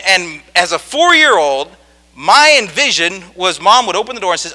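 A man preaching a sermon, telling a childhood story in a folksy, animated way and often checking in with his listeners. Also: high voice, moderate pace. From rural farm upbringing.

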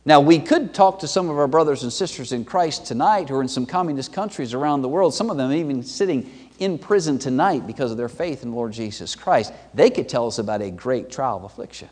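A man preaching a sermon as pastor, swinging between loud emphatic peaks and low, quiet drops. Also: lively intonation, brisk. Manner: emphatic preaching with sweeping pitch and loudness swings. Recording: long hall reverb.

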